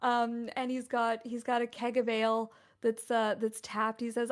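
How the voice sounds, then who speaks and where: A woman's voice: fairly high pitch, monotone, normal speed, hardly any pauses. Hesitant woman narrating a tabletop game. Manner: hesitant, full of ums and restarts. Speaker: game master.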